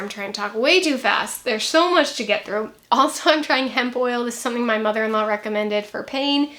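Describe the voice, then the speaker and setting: A young woman vlogging to camera in a chatty, rambling way, talking quickly and laughing now and then. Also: on the high side, fairly bright tone. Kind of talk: casual chat to camera.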